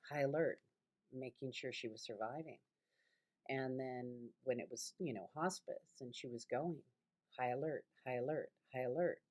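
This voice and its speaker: Low-voiced middle-aged woman lecturing casually. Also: warm tone. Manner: rambling, conversational, with many fillers and restarts. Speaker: college instructor. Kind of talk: recorded online lecture. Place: her family home.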